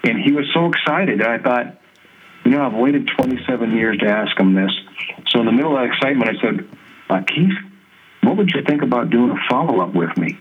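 A male guest musician tells his stories with animation, slipping into other people's voices as he quotes them. He laughs easily, and his voice sits at a medium pitch. The sound is thin and phone-like. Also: fairly quick, slight background noise. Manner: animated storyteller who mimics others' voices and laughs often. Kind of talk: conversational storytelling in an interview. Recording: tinny phone-like line.

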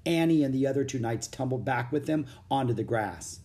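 Man narrating a children's book, lively pitch, expressive, animated storytelling. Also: brisk. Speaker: audiobook narrator. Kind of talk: children's book read aloud.

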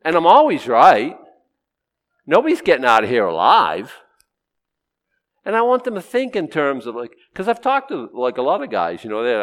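A middle-aged man preaching an expository sermon, conversational and humorous, swinging from loud outbursts to low asides. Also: huge pitch swings, normal speed.

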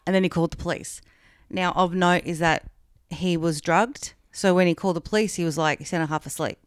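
Frank, chatty Australian woman co-host; smooth voice, dry close sound. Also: fairly low pitch, fairly even intonation, brisk, no echo. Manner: chatty, frank, swears, many fillers. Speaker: podcast co-host. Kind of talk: casual chat, retelling a true-crime story.

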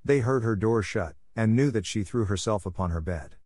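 A man reading a classic novel aloud in steady, measured audiobook narration. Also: lowish voice, no room sound, studio quality.

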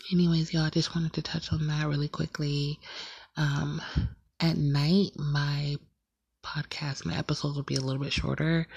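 A woman hosting her own podcast in a casual, candid chat, laughing at herself now and then, talking quietly at night in a shared house. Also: low voice, gravelly, slightly rough, no echo. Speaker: podcast host.

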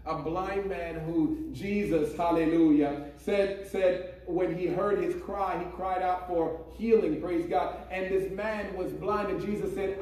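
Fervent high-voiced preacher in an echoey hall. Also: male voice, fairly even intonation, measured pace, hardly any pauses, darkish tone. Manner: fervent, peppered with praise God and hallelujah. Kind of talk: sermon. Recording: echoey room, mic at a distance.

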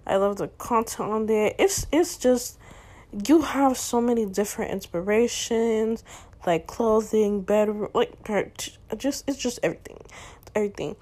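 A woman's voice: fairly high pitch, unhurried, dark tone. Teen girl doing a solo podcast, candid and slangy, rambles with fillers. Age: teens. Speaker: podcast host. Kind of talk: casual solo podcast chat.

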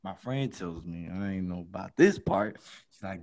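A man hosting a podcast, telling a comedy story and acting out the voices in it. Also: normal speed. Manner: lively, acts out quotes with big jumps in pitch. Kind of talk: animated storytelling chat.

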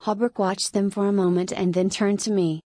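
A woman narrating a classic novel as an audiobook, with measured, even reading. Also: mid-range voice, no echo. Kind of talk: scripted narration.

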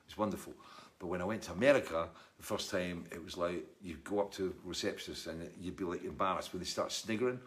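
Chatty Scottish man, fairly low voice. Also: fast talker. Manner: rambling, chatty, wry. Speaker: musician answering viewer comments. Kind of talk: casual live chat reading comments.

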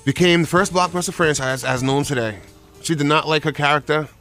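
A man's voice: a little high, a bit bright, soft background music. A man co-hosting a morning radio show, telling celebrity gossip in casual banter. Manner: gossipy, quick storytelling.

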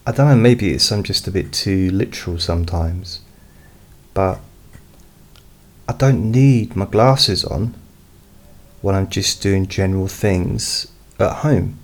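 A man who hosts hypnosis recordings, chatting in a slow, meandering way with many fillers. He is speaking at home into a studio microphone behind a pop filter. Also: deep voice. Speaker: hypnotist host. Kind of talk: casual personal update. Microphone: studio mic with pop filter, not close.

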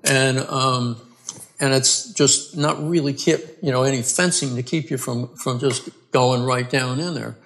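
A man, a podcast guest, earnestly telling his own story in a halting way, restarting and repeating words. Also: medium pitch, fairly even intonation, gravelly, fairly bright tone. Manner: earnest and plain-spoken. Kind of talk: conversational storytelling.

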